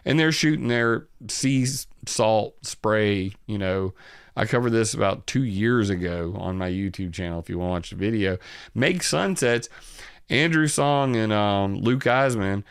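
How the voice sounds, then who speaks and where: A man's voice: mid-range voice, clear, resonant tone, no echo, studio quality. A man with a Southern US accent, hosting his own channel and giving rambling, sarcastic commentary, swearing freely. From Southern United States. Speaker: channel host. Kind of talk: casual commentary on news.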